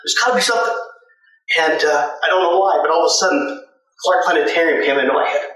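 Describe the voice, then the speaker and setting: Speaking fast in a slightly high, fairly bright voice with fairly even intonation, a middle-aged man tells long, rambling stories about mascot work, filling the gaps with many "and, uh"s. He's recorded from a distance in a very echoey room.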